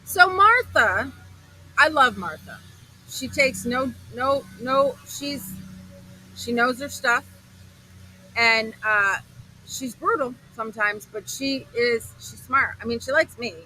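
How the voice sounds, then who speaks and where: A woman guest who works the show's teleprompter, chatting in a halting way and often restarting her sentences. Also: on the high side, lively intonation, bright, forceful tone, slight background noise, rough recording. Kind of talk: casual chat.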